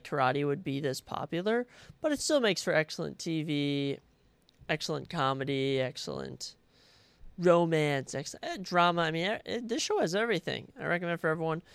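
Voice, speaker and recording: Brief: young male podcast host, gravelly edge, eager and rambling, dry close mic. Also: fairly high pitch, a bit bright, dry recording. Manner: enthusiastic, rambling, self-correcting. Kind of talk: solo casual chat.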